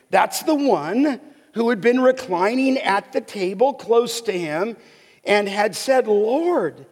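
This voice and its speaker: A man preaching an expository sermon, slow and deliberate, drawing words out for emphasis. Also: high voice. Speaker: pastor. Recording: long reverb from a large hall.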